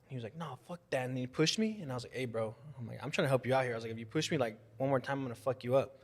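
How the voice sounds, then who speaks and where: A young male guest on a casual podcast tells profane stories about parties and fights, animatedly acting out what people said. His mid-range voice comes rapid-fire, and the room gives a long reverb.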